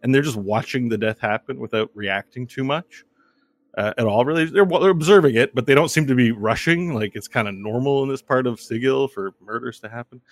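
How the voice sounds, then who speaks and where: Game master, man, dry close sound, lively narration. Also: medium pitch, a little fast, no room sound.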